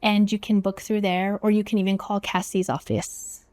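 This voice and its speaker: A woman speaks as a hypnotherapist in a relaxed interview, talking at length and often affirming with a quick "yes". Her voice sits at an ordinary middle pitch. The recording is dry and close, with no room sound. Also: dry recording. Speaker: clinical hypnotherapist. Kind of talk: casual interview talk.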